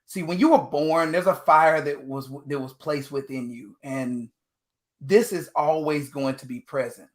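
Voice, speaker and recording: An energetic man delivers a motivational talk with a preacher-like push, his voice sitting a little high for a man. He speaks as a guest on a video call panel. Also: unhurried. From Texas.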